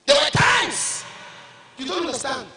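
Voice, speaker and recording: A man's voice: very high-pitched, big pitch swings, unhurried. Nigerian man, pastor mid-sermon, emphatic and sing-song, distant echoey hall. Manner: emphatic, shouted lines and sing-song repetition.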